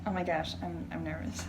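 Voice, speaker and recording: A young woman telling a personal story on her vlog, animated and often laughing. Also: lowish voice, gravelly, slight background noise, poor audio. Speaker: vlogger.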